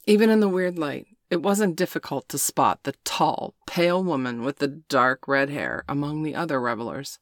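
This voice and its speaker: A woman with a low, deep voice reads an erotic story aloud. Her narration is steady and unhurried. The sound is dry and close to the mic. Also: dry recording.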